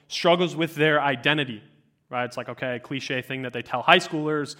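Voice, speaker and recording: Young man telling a youth sermon. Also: on the high side. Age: 20s. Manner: animated storytelling, many fillers. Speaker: youth speaker.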